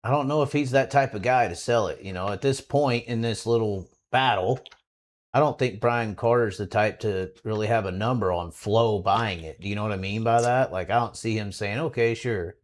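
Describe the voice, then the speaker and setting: A man's voice: fairly low pitch, normal speed. A man hosting a live stream, teasing his guest and callers in a joking, casual way. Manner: teasing, joking, laughs often. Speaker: host.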